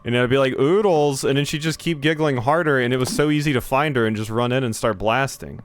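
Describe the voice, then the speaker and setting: Talking fast at a medium pitch, a young man chats loosely with viewers during a live game stream, joking, rambling, cursing and reading game text aloud. There's slight background noise.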